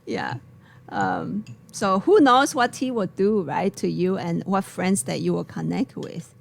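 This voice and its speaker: Gravelly-voiced woman chatting about tea. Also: mid-range voice, a little slow. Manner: laughs often, loose non-native grammar. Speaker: tea shop co-host. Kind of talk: casual live-stream chat.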